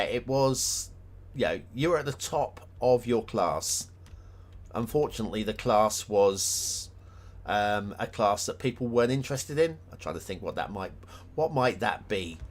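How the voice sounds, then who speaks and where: Low-voiced man rambling on a live stream. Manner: rambling, thinks aloud with many ums and restarts; chuckles often, self-deprecating. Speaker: live streamer reviewing game maps. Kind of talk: casual live-stream chat.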